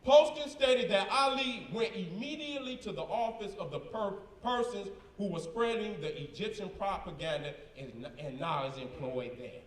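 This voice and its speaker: Fired-up high-voiced man debating. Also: animated, normal speed, hardly any pauses, roomy sound, far from the mic. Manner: emphatic, combative, slangy asides. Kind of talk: live debate, reading documents aloud. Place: event hall with a crowd.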